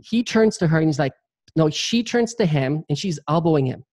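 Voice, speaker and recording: A man's voice: on the high side, moderate pace, dry recording, clean studio sound. A middle-aged man, a real estate agent, telling his career story in an interview and acting out the voices of the people in it. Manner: animated storyteller, acts out quoted voices.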